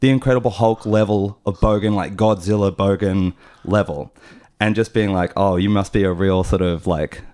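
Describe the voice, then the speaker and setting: A man's voice: low-pitched, fairly even intonation, normal speed, darkish tone. An Australian man from Brisbane, a musician guest telling rambling stories in casual chat, full of fillers and restarts.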